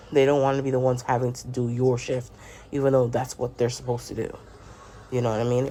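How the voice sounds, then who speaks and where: Lady reacting to a storytime clip, casual, thinking out loud, kinda unsure. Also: a bass voice. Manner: musing, unsure, sympathetic sign-off. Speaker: reaction video host.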